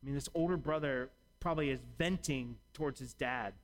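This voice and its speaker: A man's voice: mid-range voice, a little fast, rough recording. A man preaching a sermon in a conversational way, acting out imagined dialogue as he talks. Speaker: pastor.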